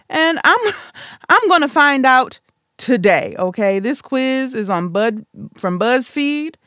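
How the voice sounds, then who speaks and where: A woman's voice: a little high, big pitch swings, slow, a bit bright, no echo, clean studio sound. A woman in her twenties hosting a solo podcast, chatting casually and playfully with self-mocking asides. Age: 20s. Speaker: podcast host.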